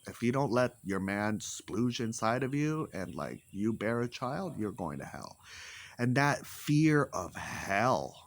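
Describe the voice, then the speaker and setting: A man giving blunt opinions in a casual monologue, animated, swearing freely and repeating his points for emphasis. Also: mid-range voice, slow, gravelly.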